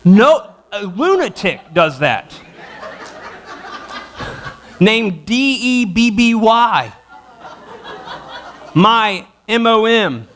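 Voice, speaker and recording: A male pastor in his thirties telling a funny family story in a sermon, self-mocking and acting out his kids and wife. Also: high voice. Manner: animated, self-mocking, acts out his family in quick voices. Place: church auditorium.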